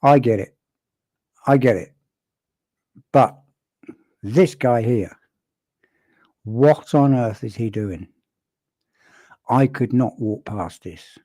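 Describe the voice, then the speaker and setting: Male commentator, casual and wry, mellow tone, dry close sound. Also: mid-range voice, no room sound. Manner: conversational, wry, with pauses and restarts. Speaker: commentator analysing a video clip.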